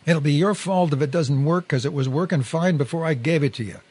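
A man voicing a furious, drugged-up man who shouts and screeches at the narrator in a story reading. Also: a little high, fairly quick, slightly rough, voice pushed up.

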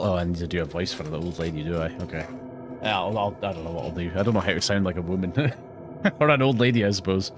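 A man's voice: on the low side, expressive, brisk, fairly bright tone, soft background music. A Scottish man with a self-mocking, joking manner, commentating a horror game. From Scotland. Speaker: gaming YouTuber. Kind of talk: let's play commentary.

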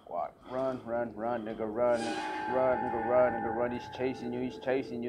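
A man's voice: medium pitch, flat delivery, normal speed, few pauses. Swearing, jumpy man doing horror let's-play commentary over a noisy home mic. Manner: jumpy, swearing, prone to panicked shouting. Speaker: gaming video creator.

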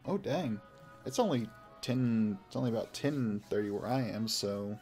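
A man's voice: lowish voice, expressive, moderate pace, a little mellow, soft background music. A man from Oklahoma chatting casually and rambling while he plays a game on a live stream. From Oklahoma, United States.

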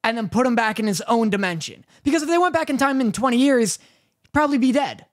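A man's voice: very high voice, animated, fast talker. A man co-hosting a podcast in casual chat, easygoing and patiently explaining plot points. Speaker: podcast co-host.

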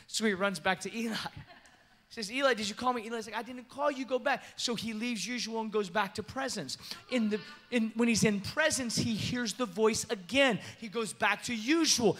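A man preaching in a church with a high, bright voice. He tells stories and acts out the voices of the people in them, laughing now and then. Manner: animated, acts out quoted voices, laughs often. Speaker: pastor. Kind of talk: sermon with storytelling. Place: church sanctuary.

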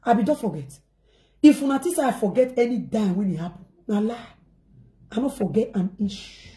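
A woman's voice: medium pitch, lively intonation, normal speed, mellow. A woman with a Nigerian accent talking casually to her viewers in a rambling, repetitive way, mixing in pidgin phrases.

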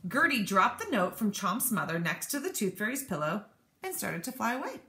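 Teacher lady reading a kids story, super lively, bright voice, echoey room. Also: mid-range voice, brisk. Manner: animated, expressive storytelling. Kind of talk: storybook read-aloud for children.

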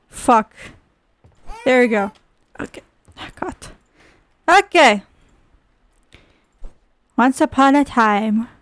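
A woman's voice: high-pitched, fairly bright tone, no room sound. A young woman giving casual, profane and sarcastic commentary as she plays a game, with frequent exclamations. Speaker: gaming video host. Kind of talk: casual let's-play commentary.

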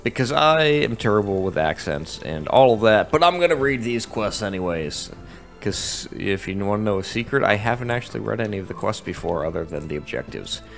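A man's voice: lowish voice, lively intonation, a little fast, vocal fry, soft background music. Casual man narrating a game. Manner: casual and rambling. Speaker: gamer. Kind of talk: let's-play commentary.

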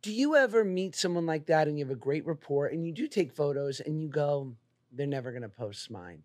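A man hosting a podcast, chatting casually and cracking quick jokes. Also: a little high, a little mellow, dry recording. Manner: joking, quick quips. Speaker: podcast host. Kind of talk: casual chat.

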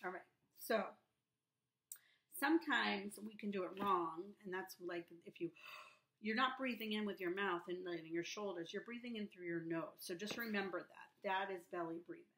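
A woman with a bright, clear voice teaches young children, stretching out words and saying them again and again. Her voice rings a little in an echoey room. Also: medium pitch. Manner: slow, sing-song phonics teaching with repeated words. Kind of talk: remote lesson for young children.

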